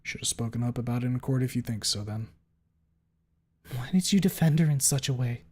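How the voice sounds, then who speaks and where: A man voicing a confident, persistent female stegosaurus who speaks slowly and tensely in a storybook reading. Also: mid-range voice, a little mellow, slightly rough, close to an everyday voice. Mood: pressing. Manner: slow, tense, probing.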